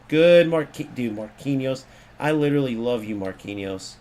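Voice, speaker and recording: A young American man commenting on his own gameplay, excitable and swearing often, with sudden loud outbursts. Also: medium pitch, normal speed. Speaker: gaming YouTuber.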